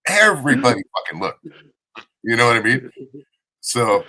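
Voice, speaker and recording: A man's voice: mid-range voice, very animated, normal speed, sharp tone. A man from Southern California telling a rambling, profane story with frequent laughs on a casual live podcast panel. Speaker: panel co-host.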